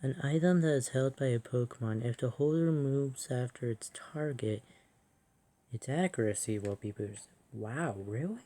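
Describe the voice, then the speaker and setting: A soft-spoken person musing aloud while playing a video game, often self-deprecating. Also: medium pitch, moderate pace. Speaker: let's play host.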